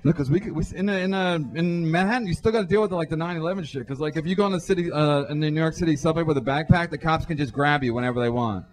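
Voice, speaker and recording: A man performing a profane stand-up routine on a comedy club stage, throwing quick asides to the crowd through a handheld mic. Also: on the high side. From Irish-American.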